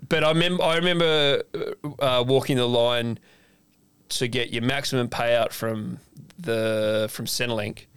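Animated man telling a story. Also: mid-range voice, a little slow, clear, resonant tone, no echo. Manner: animated storyteller, acts out quoted voices, swears freely. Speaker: podcast co-host, chef. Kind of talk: casual storytelling chat.

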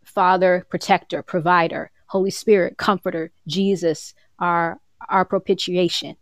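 Woman, low voice, earnest preachy co-host, dry close sound. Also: little pitch movement, unhurried, no echo. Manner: earnest, preachy, quotes scripture in old wording. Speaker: podcast co-host. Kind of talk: casual faith talk, teaching on forgiveness. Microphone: remote call, moving around.

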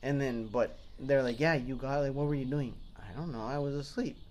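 A man's voice: mid-range voice, a little fast. Casual young man telling stories. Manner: animated storyteller, swears freely, acts out quoted voices. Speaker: podcast co-host. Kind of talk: casual chat.

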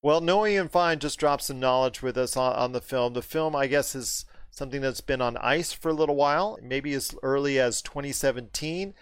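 A man's voice: medium pitch, normal speed, few pauses, clean tone, no room sound. A man hosting a casual movie discussion, emphatic and prone to repeating his point when worked up.

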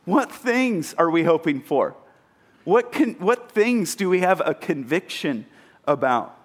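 A man preaching a sermon in a casual, self-mocking way, acting out scenes with animated exclamations. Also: on the high side, slow. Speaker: pastor.

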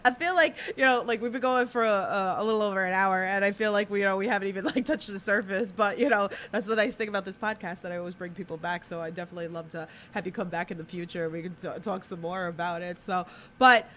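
A woman's voice: medium pitch, fast, hardly any pauses, a bit bright, a little hiss or hum. A woman podcast host with a thick Queens, New York accent, chatty and laughing often. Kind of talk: casual interview.

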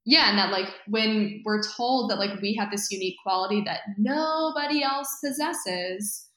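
A woman's voice: mid-range voice, normal speed, fairly bright tone. A woman chatting casually, agreeing emphatically and talking with enthusiasm. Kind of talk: casual conversation. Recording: echoey room.

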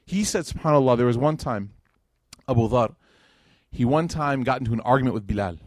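A man giving a religious lecture to a live audience, telling stories in a lively, casual way with plenty of slang and fillers. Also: medium pitch, brisk, dry recording, clean studio sound. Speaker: Islamic lecturer.

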